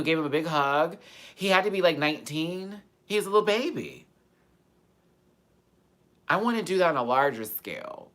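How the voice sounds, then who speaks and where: A man hosting a casual live-stream Q&A, talking candidly and swearing freely, with loud animated bursts that drop to soft, quiet asides. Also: fairly high pitch, normal speed, pauses often. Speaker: YouTube host answering viewer questions.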